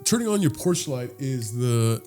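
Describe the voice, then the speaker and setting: A man's voice: mid-range voice, sing-song, moderate pace, a little mellow, soft background music. A man on a podcast, reacting and joking in casual chat. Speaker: podcast co-host.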